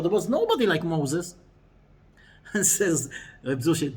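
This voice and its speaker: A man giving a weekly Torah lesson in a lively, laughing way, often repeating phrases as he explains. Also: high voice, moderate pace. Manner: animated, laughing, mixing in Hebrew quotes. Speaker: Torah teacher.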